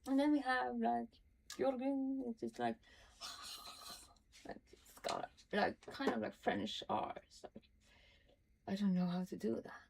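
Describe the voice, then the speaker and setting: Creaky Northern Norwegian woman streamer. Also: a little high, fairly even intonation, slow, long pauses, darkish tone, slight background noise, low-quality recording. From Norway. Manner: rambling, chatty and profane, mutters asides. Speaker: game streamer. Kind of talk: casual gaming commentary.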